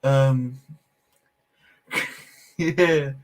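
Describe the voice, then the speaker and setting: An unhurried man with a medium-pitched voice hosts a relaxed Lego livestream, chatting with viewers as he works on a build. He laughs readily and makes fun of himself.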